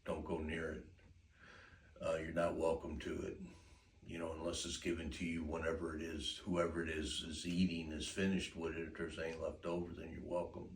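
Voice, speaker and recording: Deep-voiced folksy dog trainer man. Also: monotone, fairly quick, slight background noise. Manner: folksy, rambling, chuckles often. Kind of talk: casual advice talk. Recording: roomy, distant mic, faint ambience.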